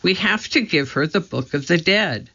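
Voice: medium pitch, expressive, moderate pace, gravelly, sharp tone, husky, pitched above the performer's own voice, full character voice. Narrator doing a cautious, curious young boy. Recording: muffled lo-fi recording.

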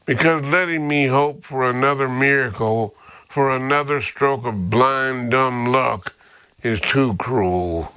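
A man's voice: mid-range voice, slow pace, sharp tone, smooth, no room sound, dull audio. A man reading an audiobook, voicing a bitter, frightened young mother who was wrongly imprisoned, pleading and defiant. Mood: desperate.

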